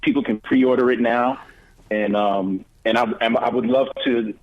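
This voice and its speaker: A man who is a guest actor and author, speaking in a relaxed, hesitant way with many fillers during an interview. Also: mid-range voice, moderate pace. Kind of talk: interview by phone. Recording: tinny phone line.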